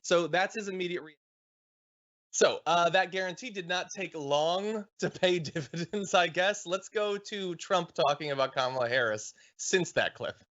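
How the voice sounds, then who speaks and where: A wry man hosting a political talk show, with a fairly high voice for a man. He works through his points quickly and aloud. The audio is slightly muffled and lo-fi. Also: a bit bright. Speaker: host. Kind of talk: political commentary chat.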